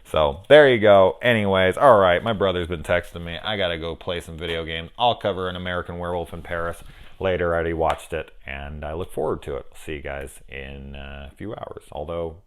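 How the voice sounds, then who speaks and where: A man with a notably deep, low voice talks through a horror film in a loose, unscripted vlog. He rambles from scene to scene, swears constantly and gushes about the parts he loves. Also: steady tone, fairly quick, clear, resonant tone. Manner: profane, rambling, enthusiastic. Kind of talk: casual film review vlog.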